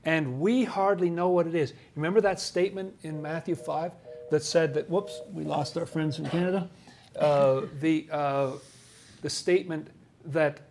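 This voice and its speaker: Chatty man teaching scripture, fairly high voice. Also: darkish tone. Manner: chatty, often acts out quoted voices. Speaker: religious teacher.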